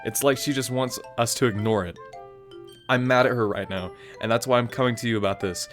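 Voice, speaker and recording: A man's voice: medium pitch, fairly even intonation, a little fast, soft background music, lightly acted. A man reading aloud as a worried, sweet teenage girl who pleads for help. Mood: pleading. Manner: earnest, pleading read-aloud. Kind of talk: reading game dialogue aloud.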